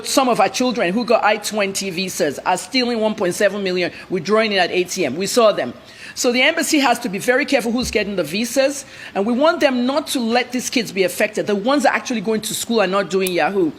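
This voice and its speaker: A woman journalist, answering TV interview questions in a blunt, rapid, emphatic way. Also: medium pitch, animated, slight background noise. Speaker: journalist guest.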